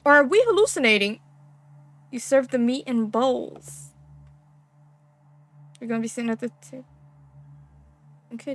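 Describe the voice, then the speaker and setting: A young woman playing a horror game, reading its text aloud and reacting with excitable, slangy, swearing commentary. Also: on the high side. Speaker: gaming streamer.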